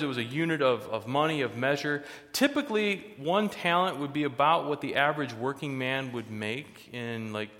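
A man's voice: medium pitch, fairly bright tone, in a large hall. A man pastor giving a sermon in a conversational way, with joking asides between the serious points.

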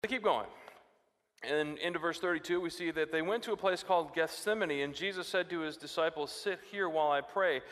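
High-voiced preacher in a reverberant hall. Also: male voice, fairly quick, fairly bright tone. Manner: dramatic, rises sharply when quoting scripture. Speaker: pastor. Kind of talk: sermon.

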